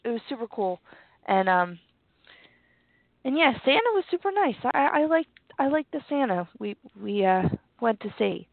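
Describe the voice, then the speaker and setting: A woman's voice: a little high, sing-song, moderate pace, no room sound. A woman with a cold, chatting casually and giggling often. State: sick with a cold. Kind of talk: casual chat. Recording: tinny phone-like line, dry.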